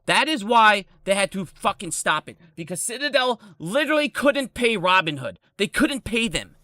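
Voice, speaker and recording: Angry cursing guy in his 30s, high voice, jumps all over the place, bright and dry. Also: very animated, moderate pace, no echo. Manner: angry, profane, ranting. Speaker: streamer. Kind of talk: ranting live stream.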